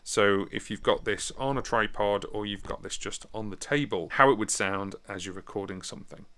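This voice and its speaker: Chatty British man, low voice. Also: moderate pace, bright, forceful tone. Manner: chatty, rambling, explains step by step. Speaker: musician demonstrating recording gear. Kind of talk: casual gear tutorial. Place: indoors at a table. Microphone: phone mic and small stereo recorder.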